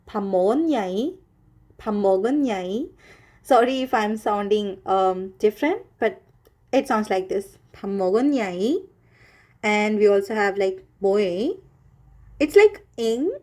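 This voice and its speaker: A woman hosting a casual language video, chatty and full of pauses and fillers, breaking into quick Korean example phrases. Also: medium pitch, a little mellow. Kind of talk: casual explainer.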